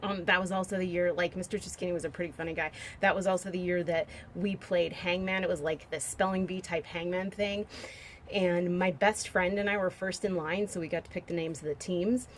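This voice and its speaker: A woman's voice: lowish voice, steady tone, a little fast, slight background noise. A woman in her forties talks casually to camera, rambling and joking in a half-serious way and musing aloud as she browses pictures. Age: 40s. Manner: muses aloud while browsing pictures on screen. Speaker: vlogger.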